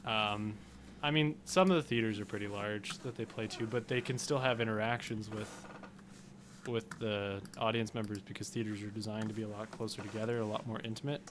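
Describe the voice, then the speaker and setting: A man co-hosting a podcast, chatting casually and rambling through his take, getting animated when he retells jokes. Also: lowish voice, brisk, background noise. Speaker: podcast co-host. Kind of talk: casual chat.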